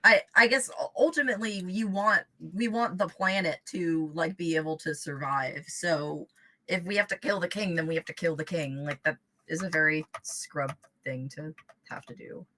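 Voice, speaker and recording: A woman's voice: fairly low pitch, bright, forceful tone. A woman playing a tabletop game who argues her point and laughs easily. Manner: argumentative, quick to laugh. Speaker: player. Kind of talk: casual tabletop game chat.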